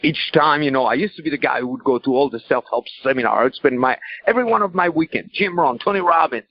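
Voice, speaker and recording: A man's voice: a little high, dry recording. A man co-hosting a call-in podcast, speaking earnestly with many restarts and repetitions. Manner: halting, repetitive, earnest speech. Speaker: podcast co-host. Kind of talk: conversational podcast talk. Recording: dull lo-fi sound.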